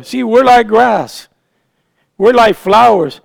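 A male pastor preaching in a relaxed, chatty way, quizzing and teasing his congregation. His voice sits high and is heavily gravelly, and he takes his time with each phrase. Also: takes it slowly, pauses often. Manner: asks the congregation questions, folksy and teasing. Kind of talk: conversational sermon.

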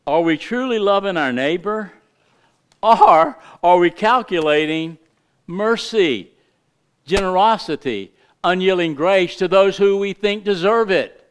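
A man's voice: sits high, expressive, a little slow, clear, resonant tone. A middle-aged man preaching a sermon in a folksy, emphatic way, full of rhetorical questions. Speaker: pastor.

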